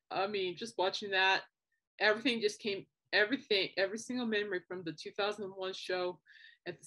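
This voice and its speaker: A woman's voice: lowish voice, pushed and bright. A young woman hosting her own podcast, chatting in a rambling way and breaking into giggles. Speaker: podcast host. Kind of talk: casual solo podcast chat.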